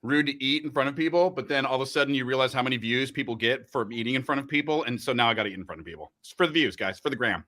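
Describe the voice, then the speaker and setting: This radio host talks rapid-fire with few pauses, his voice at medium pitch. Hosting a casual livestream from the studio, he jokes animatedly while eating.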